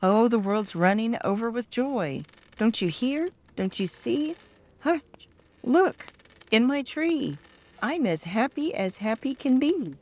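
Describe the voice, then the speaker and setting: A woman's voice: on the low side, lively intonation, slow pace, a little mellow. An older woman voicing a cheerful little brown thrush bird in a sing-song lilt, reading a storybook poem. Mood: joyful.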